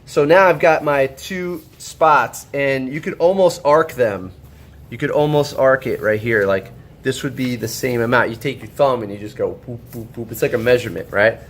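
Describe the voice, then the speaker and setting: A man teaching a high school shop class, walking students through a drawing step by step, checking in often and joking with them. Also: slight background noise. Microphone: camera held by a student.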